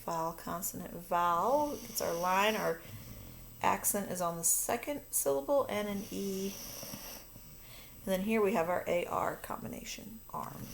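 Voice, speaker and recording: A woman teacher calmly walking through a phonics lesson in a recorded video, explaining step by step. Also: mid-range voice, unhurried, creaky, slight background noise. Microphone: recording her own video lesson.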